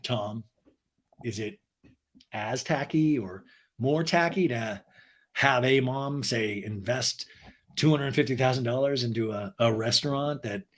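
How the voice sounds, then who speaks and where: A man's voice: medium pitch, a little slow. A man hosting a podcast, giving a sarcastic, profane comedic recap. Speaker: podcast host.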